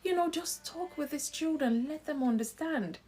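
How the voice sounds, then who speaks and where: A woman hosting a live-stream marriage talk, animated and acting out the voices of family members. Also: sits high, moderate pace, soft background music. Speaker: host.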